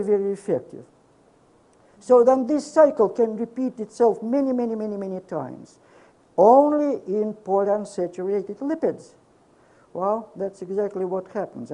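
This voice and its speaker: Older man lecturing in a mellow voice. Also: high-pitched, low-quality recording. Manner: explanatory, emphatic, checks in with "okay?". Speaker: scientific lecturer. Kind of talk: academic conference lecture.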